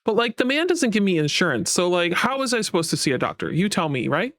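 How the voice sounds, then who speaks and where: A man's voice: sits high, sing-song, quick pace, fairly bright tone, no room sound, clean studio sound. A man giving a casual personal update to his viewers as a VTuber, rambling and frustrated, swearing often. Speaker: VTuber and YouTube creator.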